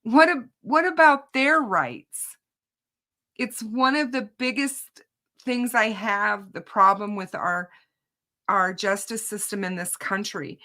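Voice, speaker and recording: A woman's voice: medium pitch, bright, forceful tone. A woman hosting a true crime channel, telling viewers about her day in court in an emphatic, indignant casual way.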